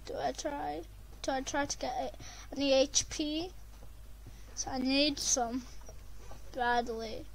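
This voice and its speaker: Super high squeaky gamer girl, talks slow, screams a lot, faint hiss behind. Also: creaky. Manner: excitable, screams and shrieks when chased. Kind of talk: gameplay commentary.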